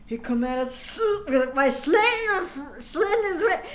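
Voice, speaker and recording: A woman's voice: extremely high pitch, expressive, measured pace, echoey room, heavy background noise, pitched above the performer's own voice. Dumbledore, a woman doing a grave old wizard. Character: grave, upset old male headmaster wizard.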